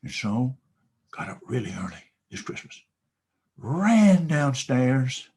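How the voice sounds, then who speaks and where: A husky-voiced man delivers a motivational speech as an unhurried, theatrical story. His pitch rises and falls widely, and he drops to whispers before bursting out loud. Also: big pitch swings. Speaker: motivational speaker.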